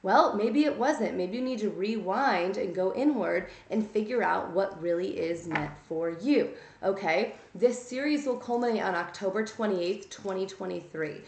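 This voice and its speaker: A woman reads tarot in a loose, chatty way, bluntly scolding her listeners. Her voice has a gravelly fry and sits at a middling pitch. The sound bounces around an echoey room. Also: moderate pace, hardly any pauses, darkish tone, slight background noise. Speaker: tarot reader. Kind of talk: casual tarot reading.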